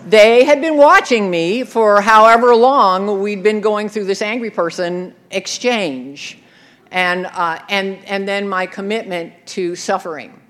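A woman's voice: medium pitch, a bit bright. Wry, laughing woman telling her story. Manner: wry, self-mocking, often laughing. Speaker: speaker sharing her recovery story. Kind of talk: personal storytelling talk.

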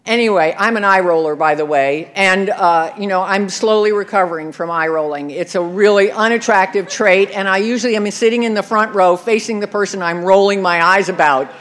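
A woman's voice: mid-range voice, brisk, few pauses, fairly bright tone. A woman telling a personal recovery story in a wry, self-mocking way, often breaking into laughter. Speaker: speaker sharing her recovery story.

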